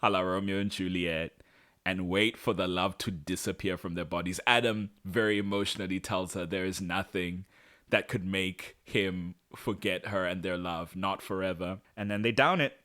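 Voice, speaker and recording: A man co-hosting a podcast, recapping a TV episode in casual chat, sarcastic and quick to act out the characters. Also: sits low, steady tone, fairly bright tone. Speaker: podcast co-host.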